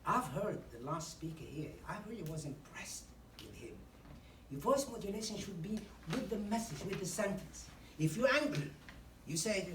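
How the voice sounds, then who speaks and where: A woman's voice: fairly low pitch, lively intonation, moderate pace, a bit bright, slight background noise. A woman giving a speech on public speaking, listing numbered tips and acting out short examples. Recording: echoey hall from far off, faint ambience.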